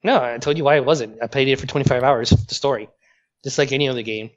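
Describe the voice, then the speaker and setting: This podcast co-host talks quickly in a medium-pitched voice during a casual gaming chat over a call with dull, lo-fi audio. He is blunt and opinionated, swearing as he argues.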